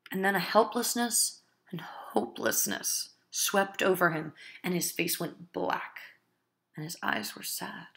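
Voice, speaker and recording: A woman's voice: lowish voice, a bit bright. A woman reading a novel aloud as a teacher, stopping to explain words and talk to her listeners.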